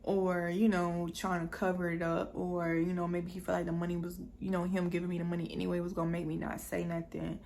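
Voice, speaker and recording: A woman's voice: on the low side, monotone, gravelly, darkish tone, a little hiss or hum. A young woman, telling a personal story in a casual storytime vlog and talking straight to her viewers. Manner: conversational, addresses viewers directly, fast asides.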